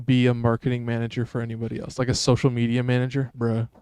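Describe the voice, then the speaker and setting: A man's voice: mid-range voice, completely flat delivery, quick pace, darkish tone, smooth, no echo. A man streaming a game, chatting casually and rambling in a laid-back, slangy way. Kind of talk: casual gameplay commentary.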